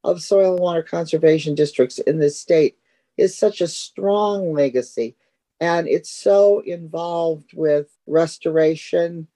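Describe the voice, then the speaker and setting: A woman guest reflecting in a measured way on conservation pioneers during an interview. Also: low-pitched, warm tone, poor audio.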